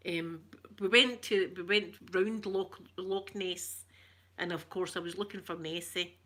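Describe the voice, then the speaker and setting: A woman's voice: fairly low pitch, steady tone, measured pace, fairly bright tone. A woman from Glasgow with a Glaswegian Scottish accent, chatting casually with her viewers as an ASMR channel host, rambling, laughing often and teasing herself. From Glasgow, Scotland. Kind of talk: casual live chat with viewers.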